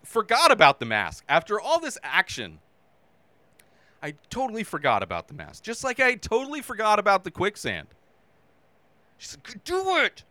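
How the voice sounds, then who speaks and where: A man hosting a casual movie review show, talking animatedly and acting out his own reactions with sudden shouts. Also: sits high, huge pitch swings, normal speed, long pauses, dry recording.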